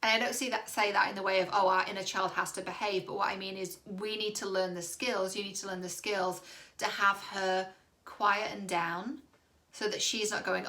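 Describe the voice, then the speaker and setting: A woman's voice: mid-range voice, flat delivery, normal speed, bright, forceful tone. A woman dating coach giving direct-to-camera relationship advice, candid and reassuring, with the odd casual swear.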